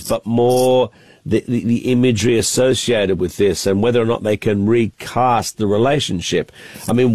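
A man's voice: on the low side, darkish tone, no room sound. A male foreign correspondent giving a live, unscripted news analysis, chatty and thinking aloud with frequent restarts. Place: Beijing, reporting remotely.

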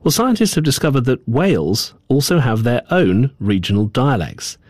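A man presenting radio news in a conversational, lively way. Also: mid-range voice, moderate pace, no room sound, studio quality.

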